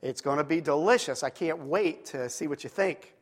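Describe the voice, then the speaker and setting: A preacher voicing a gentle coaxing church mother. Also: on the high side, normal speed, close to an everyday voice. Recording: long hall reverb.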